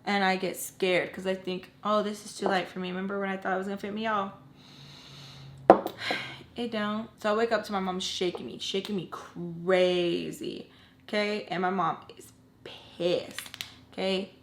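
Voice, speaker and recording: A young woman in her twenties telling an emotional story from her own life, animated and emphatic, often stressing points with "okay?". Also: medium pitch, unhurried, a little hiss or hum. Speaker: storytime vlogger. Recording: roomy echo.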